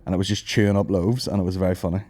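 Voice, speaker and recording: A young hungover man with a Northern Irish accent, hosting a crude, animated podcast chat full of swearing and mimicked voices. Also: sits low, racing. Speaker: podcast host. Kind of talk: crude casual banter.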